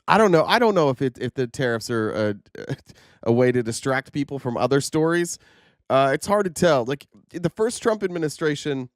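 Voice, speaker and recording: A man's voice: medium pitch, no room sound, studio quality. A man hosting casual news commentary, rambling and sarcastic with plenty of fillers. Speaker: commentary host.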